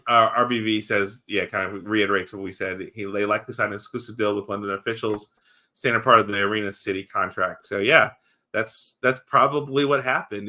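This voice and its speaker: Bright-voiced crude podcast host man. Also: on the low side. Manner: crude, blunt banter. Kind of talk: casual podcast chat.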